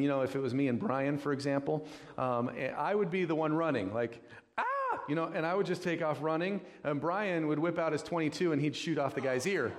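Animated higher-voiced male preacher. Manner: conversational, animated storytelling with tag questions. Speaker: pastor. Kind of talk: sermon.

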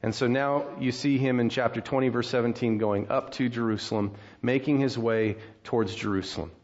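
A man preaches a sermon in a relaxed, conversational way, with a voice of middling pitch. He walks his listeners through scripture and grows animated when he acts out frustration. The recording sounds a little dull. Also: a little fast. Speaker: pastor.

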